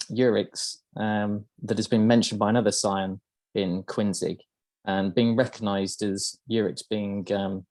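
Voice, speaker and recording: A man's voice: on the low side, a little mellow, no echo. A man hosting a podcast, explaining game lore in casual chat, hesitant and full of ums and uhs. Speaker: podcast host.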